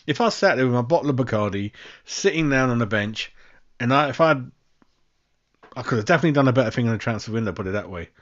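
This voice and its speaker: A man's voice: mid-range voice, lively intonation, fast talker, a bit bright, lo-fi sound. A young man with a London accent hosts a live fan stream, swearing and ranting in exasperation, calling his listeners "mate.". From West London. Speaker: fan channel host. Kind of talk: casual live-stream rant.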